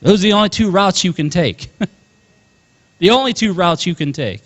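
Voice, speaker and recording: A young man preaching a sermon as pastor, animated, calling out to his congregation and chuckling often. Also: high voice, normal speed.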